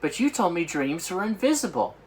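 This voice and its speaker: A man voicing a curious, brave little girl who asks high, eager questions. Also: very animated, fairly quick.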